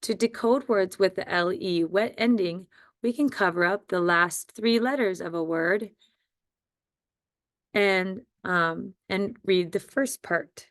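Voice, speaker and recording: Slow, patient woman teaching first graders. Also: mid-range voice, no echo, studio quality. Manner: slow, patient, with frequent ums and okays. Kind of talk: recorded phonics lesson.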